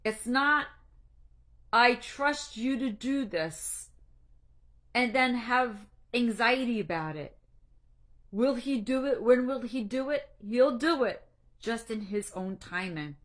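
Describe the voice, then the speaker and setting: A woman anxiety coach giving an earnest, faith-based encouragement talk, emotional and halting, stumbling and restarting as she speaks. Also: a little high, a bit bright. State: emotional, near tears.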